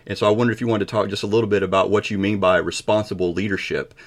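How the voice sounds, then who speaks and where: Low-voiced male podcast host. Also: level tone, racing. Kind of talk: interview questions.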